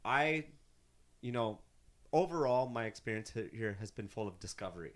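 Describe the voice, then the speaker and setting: A man's voice: lowish voice, lively intonation, normal speed, fairly bright tone. A man from Northern Ontario, a musician guest on a podcast, telling stories in a loose, rambling way with frequent restarts and casual swearing. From Northern Ontario, Canada. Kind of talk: casual storytelling chat.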